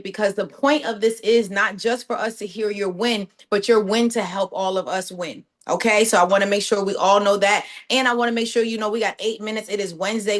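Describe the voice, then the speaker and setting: A woman, a sales coach hosting a team training call and cheering on her members. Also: mid-range voice. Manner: energetic, encouraging, says "y'all".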